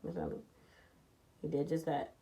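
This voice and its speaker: A woman vlogger telling a personal story in a blunt, profane, animated way, jumping from loud outbursts to low muttering. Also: moderate pace. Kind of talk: casual storytime vlog.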